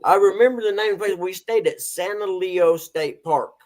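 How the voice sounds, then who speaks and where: A man's voice: high voice, normal speed. A middle-aged man hosting a casual live stream, chatting and greeting viewers by name. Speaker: stand-in host of a live stream.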